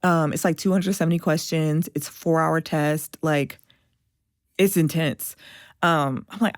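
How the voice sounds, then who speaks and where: A woman guest on a podcast, telling an emotional personal story in an animated way and acting out the voices of people she quotes. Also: sits low, a little slow, smooth, no echo, studio quality.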